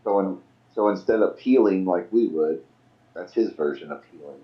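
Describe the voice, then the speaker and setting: A low-voiced man in casual group chat who keeps explaining and clarifying for the others. The audio sounds muffled and lo-fi. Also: moderate pace.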